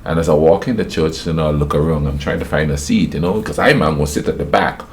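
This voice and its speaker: A man tells a personal story in a casual, animated way, acting out other people's voices and laughing often. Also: a bass voice, fast talker, slight background noise.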